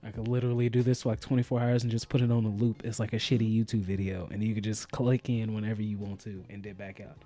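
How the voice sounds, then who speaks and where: A man co-hosting a podcast, trading jokes and profane quick asides in casual chat. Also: on the low side, flat delivery, warm tone, faint music behind. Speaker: podcast co-host.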